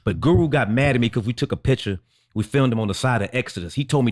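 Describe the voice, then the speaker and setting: A man co-hosting a podcast, telling stories casually, animated and swearing freely. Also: mid-range voice, quick pace. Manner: animated, swearing, impersonates others. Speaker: podcast co-host. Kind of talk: casual chat, reminiscing.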